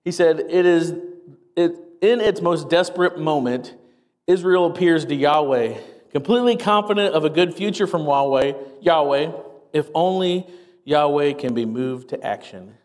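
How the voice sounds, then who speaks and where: High-voiced energetic pastor preaching. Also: male voice, long reverb tail. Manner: energetic, fast and excited, with wry asides. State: getting out of breath. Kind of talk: sermon.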